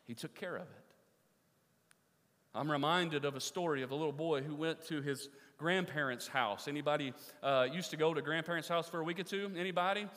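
With energy, a pastor tells a story in his sermon, asks the congregation questions, and ends with a closing prayer. His voice is a little high, steady, a bit bright and a little fast, carrying the long reverb of a large hall.

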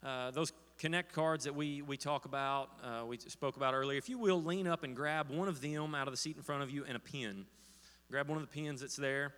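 A man's voice: mid-range voice, brisk, a bit bright. A man telling a story in a sermon as pastor, with frequent fillers and restarts. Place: church sanctuary. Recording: long hall reverb.

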